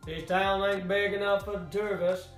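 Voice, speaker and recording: A man's voice: high voice, little pitch movement, moderate pace, a bit bright, echoey room, faint music behind. A British man putting on a put-on American southern accent as a swaggering cowboy sheriff.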